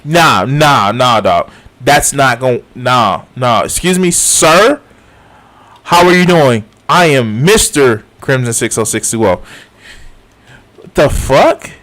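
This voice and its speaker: A man's voice: mid-range voice, lively intonation, slow pace, fairly bright tone. A man in his thirties giving a casual reaction commentary, swearing often, laughing and repeating himself. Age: 30s. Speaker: streamer reacting to a video.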